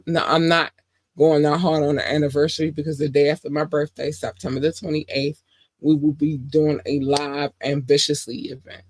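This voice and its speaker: Gushing, excitable woman podcast host. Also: no room sound. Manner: gushing, excitable, big pitch swings; chatty with fillers and self-corrections. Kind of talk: solo podcast chat.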